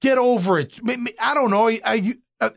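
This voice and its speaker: A middle-aged man hosting a sports talk show, ranting in an animated, exasperated way. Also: very high voice, normal speed, vocal fry. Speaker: sports radio host.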